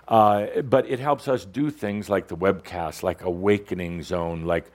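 Easygoing middle-aged male host, low voice. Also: a little slow, a little mellow. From Wisconsin. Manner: easygoing, joking, many fillers. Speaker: show host. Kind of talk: casual hosted announcements.

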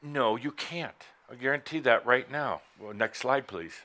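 A man giving a live spiritual talk to an audience, teasing and playful, swinging between loud bursts and soft, slow asides. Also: mid-range voice. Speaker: spiritual teacher.

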